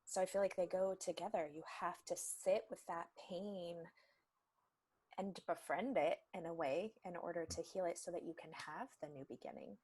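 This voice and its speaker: A woman who works as a healer, co-hosting a reflective talk in a gentle, heartfelt and thoughtful way. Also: on the low side, moderate pace, breathy edge. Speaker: intuitive healer and co-host.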